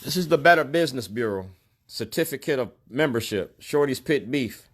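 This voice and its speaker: A man's voice: mid-range voice, expressive, moderate pace, a bit bright. A middle-aged store owner speaking straight to the camera in a protest monologue, colloquial and emphatic, repeating his key lines. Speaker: store owner and activist vlogger.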